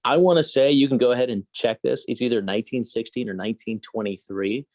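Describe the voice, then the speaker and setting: A man's voice: mid-range voice, fast, darkish tone, no echo. A man co-hosting a podcast in casual sports chat, rambling and hedging through trivia asides. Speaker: podcast co-host.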